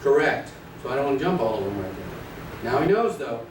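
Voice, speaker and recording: A man teaching a live class of real estate agents, playful and energetic, acting out little scenes and quizzing the audience. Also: mid-range voice, fast talker. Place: training room with an audience. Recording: echoey room, distant mic, noisy.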